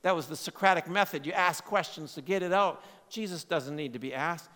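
A man preaching a sermon, swinging between loud emphatic lines and quiet, low asides. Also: a little fast. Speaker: pastor. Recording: long hall reverb.

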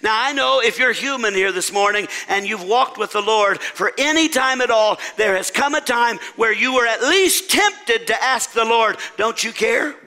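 A male pastor preaching an animated, dramatic sermon and quizzing his congregation. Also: very high-pitched, normal speed, hardly any pauses.

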